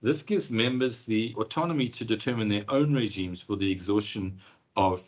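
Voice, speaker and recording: Guy lecturing on law, low husky voice, chatty, keen, lots of ums and false starts. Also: moderate pace. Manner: conversational, enthusiastic, frequent fillers and restarts. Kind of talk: university lecture.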